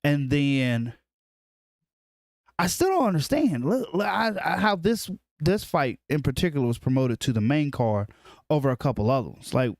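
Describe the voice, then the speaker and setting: A man co-hosting a podcast in casual sports chat, animated and joking with plenty of slang. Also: fairly high pitch, moderate pace, dry recording. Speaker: podcast co-host.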